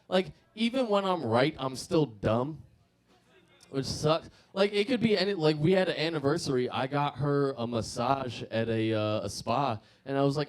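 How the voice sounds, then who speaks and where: Young Southern-raised man, stand-up, rambling, self-deprecating, slightly high. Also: animated, moderate pace. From Savannah, Georgia, US. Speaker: stand-up comedian. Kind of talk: live stand-up comedy set. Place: comedy club stage.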